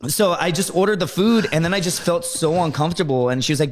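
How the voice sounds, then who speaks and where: Male podcast guest, rapid, rambling, swears freely, chuckling storyteller. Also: fairly high pitch. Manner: rambling, profane, tags lines with "right?". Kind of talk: casual storytelling.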